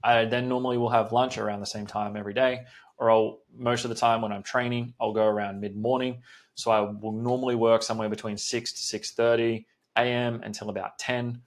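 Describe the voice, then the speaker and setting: A man's voice: mid-range voice, little pitch movement, a little fast. A man hosting a solo podcast as a coach, talking bluntly and swearing often in a direct motivational pep talk.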